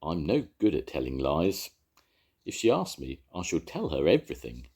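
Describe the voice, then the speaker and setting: A man's voice: very deep voice, huge pitch swings, moderate pace, darkish tone, breathy edge, full character voice. An older man as an earnest engine driver. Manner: earnest, plain-spoken. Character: kindly Welsh railway engine driver, earnest.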